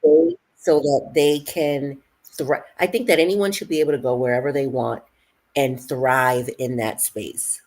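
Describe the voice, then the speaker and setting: Low husky woman, animated storyteller. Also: unhurried. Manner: animated storyteller, acts out quotes, laughs often. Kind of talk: casual chat.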